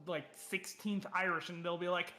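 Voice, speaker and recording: A man's voice: sits high, level tone, moderate pace, pushed and bright. A man co-commentating a game playthrough, explaining plot points in a matter-of-fact way. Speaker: let's play co-commentator.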